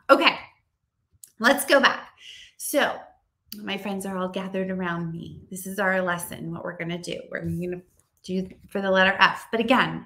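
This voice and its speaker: A woman teacher giving a casual, upbeat training talk to other teachers, chatty and lively. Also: medium pitch. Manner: upbeat, chatty, acts out classroom dialogue.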